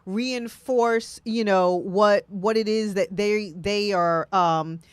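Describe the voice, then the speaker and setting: A woman talking casually on a talk show, animated and often acting out what she or others would say. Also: mid-range voice, takes it slowly, clear, resonant tone, no echo. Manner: animated, acts out quoted voices.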